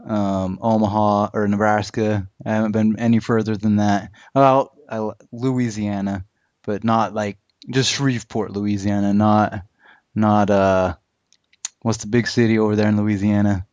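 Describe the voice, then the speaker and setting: A man's voice: lowish voice, little pitch movement, measured pace, a little mellow, no echo, highs cut off. A man co-hosting a casual podcast, laid-back, often answering in short reactions. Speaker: podcast co-host.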